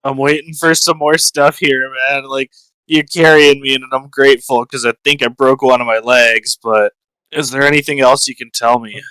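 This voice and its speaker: A man's voice: mid-range voice, steady tone, moderate pace, pushed and bright, smooth, no room sound, low-quality recording. A man playing an agent in a tabletop game, joking and in character. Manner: joking, laughs easily. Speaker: player. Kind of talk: casual in-character role-play.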